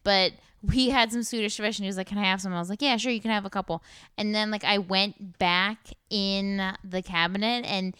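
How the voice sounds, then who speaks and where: A young woman co-hosting a casual chat, telling stories in an animated way with plenty of fillers. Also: mid-range voice, a little fast, clean tone, no echo, clean studio sound. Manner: animated storyteller, lots of fillers. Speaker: podcast co-host.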